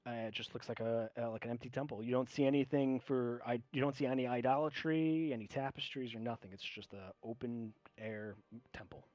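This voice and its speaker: A man's voice: mid-range voice, steady tone, brisk, dry recording, highs cut off. Laid-back male game master, dry sound. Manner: loose, filler-heavy description. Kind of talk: narrating a tabletop game.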